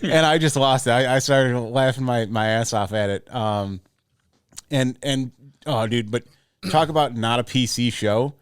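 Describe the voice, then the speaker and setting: A man's voice: mid-range voice, a little slow, clear, resonant tone, no room sound, clean studio sound. A man co-hosting a podcast, chatting casually and telling a long, stammering story. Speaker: podcast co-host. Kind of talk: casual chat.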